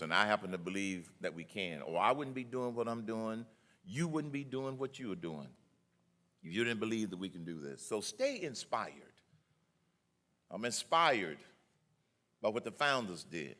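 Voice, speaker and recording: An older man delivering a rousing political speech at a conference, building to loud emphatic peaks. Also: fairly low pitch. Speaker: conference keynote speaker. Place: conference hall.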